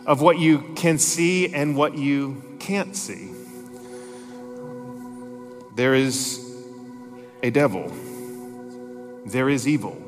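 A man's voice: mid-range voice, fairly bright tone. A man preaching a sermon, reading scripture aloud with emphatic, rising intensity. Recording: long reverb in a large hall, faint music.

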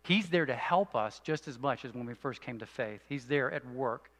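A man preaching a sermon as a pastor, earnest, moving between emphatic and hushed delivery. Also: mid-range voice, expressive, moderate pace, long reverb tail.

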